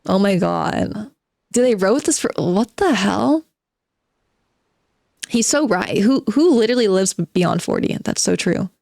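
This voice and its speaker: A woman streamer reacting in excited, chatty asides during a live stream. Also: mid-range voice, measured pace, gravelly, pauses often, no echo, clean studio sound. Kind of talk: live stream reaction while reading aloud.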